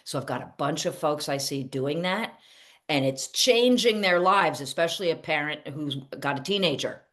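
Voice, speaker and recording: A middle-aged woman therapist talks straight to camera in a loose, teaching way. Her voice sits fairly low, and she keeps slipping into lively quoted snippets of everyday exchanges. She laughs at herself as she goes. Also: moderate pace. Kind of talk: casual teaching talk to camera.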